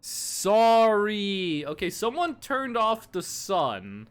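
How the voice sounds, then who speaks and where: A man's voice: high-pitched, wildly swooping pitch, extremely slow, clean tone. A young man streaming a game, chatting playfully with his chat and teasing them while he plays.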